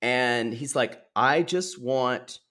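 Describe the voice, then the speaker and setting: A man's voice: mid-range voice, takes it slowly, a bit bright. Chatty man retelling a reality show. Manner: chatty storyteller, acts out quotes, many fillers. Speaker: podcast co-host. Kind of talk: casual chat recapping a reality show.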